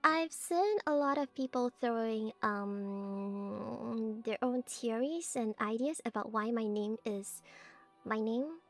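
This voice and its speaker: Woman streamer, playful and teasing, fairly high voice, faint music behind. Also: takes it slowly. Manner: teasing, playful cult-priestess persona. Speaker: VTuber streamer. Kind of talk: playful stream chat showing off her avatar.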